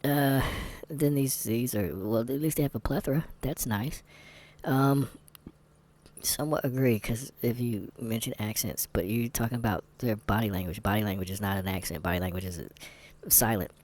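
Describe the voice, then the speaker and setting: A man's voice: on the low side, moderate pace, darkish tone. A man vlogging candid commentary while taking a test, rambling, sarcastic and muttering asides to himself.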